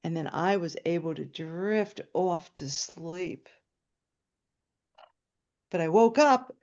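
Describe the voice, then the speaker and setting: A woman telling a personal story on stage in an animated way, jumping into high excited voices when quoting. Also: takes it slowly, muffled recording.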